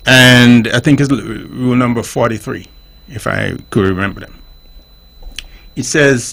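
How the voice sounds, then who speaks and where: A man's voice: mid-range voice, fairly even intonation, unhurried, gravelly, fairly bright tone. A man talking on a call-in radio show. He explains his points like a teacher and keeps checking whether the listener understands.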